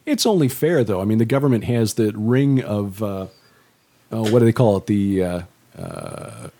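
A man's voice: fairly low pitch, very animated, moderate pace, vocal fry, warm tone, slight background noise. A man from the St. Louis area co-hosting a casual chat, stammering and restarting a lot and chuckling often. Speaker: co-host and novelist.

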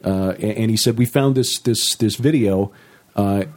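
A man co-hosting a casual podcast chat, speaking in a measured, hesitant way with frequent pauses. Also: fairly low pitch, darkish tone. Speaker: podcast co-host.

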